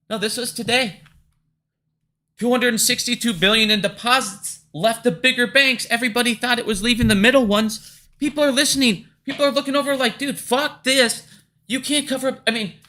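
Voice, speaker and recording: A man delivering an angry, profanity-laced rant straight to his viewers. His voice sits high and bright, jumping from loud outbursts down to low grumbles. He sounds casual and heated throughout. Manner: angry, profane, swings between shouting and muttering. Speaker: finance video host. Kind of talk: profane ranting commentary.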